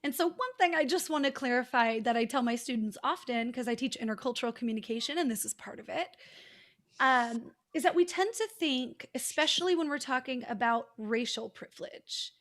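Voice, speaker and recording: A woman's voice: a little high, fairly quick, a bit bright. A woman hosting a podcast, explaining ideas in a teacherly way in long, flowing sentences. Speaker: podcast host. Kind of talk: casual conversational interview.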